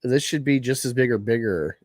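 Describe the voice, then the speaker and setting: A man's voice: mid-range voice, fairly quick, no room sound. A man chatting casually and laughing as he reacts to a comic book review. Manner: laughing, animated, rambling. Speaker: reaction video host.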